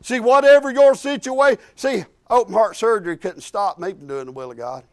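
A man's voice: sits high, a little fast, darkish tone. A man preaching a sermon, telling his own story in a folksy, emphatic way with many restarts. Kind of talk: sermon with personal testimony.

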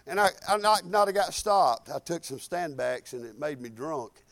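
An older pastor preaches in a rambling, fervent way, full of restarts and hallelujahs. His voice sits high for a man. The sound is dry and close, with little room in it. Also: normal speed, a bit bright, no echo. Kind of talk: sermon.

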